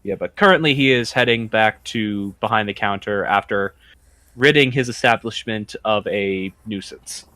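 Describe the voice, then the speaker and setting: A man narrating as game master in a relaxed, chatty way full of fillers. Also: on the low side, moderate pace, no room sound.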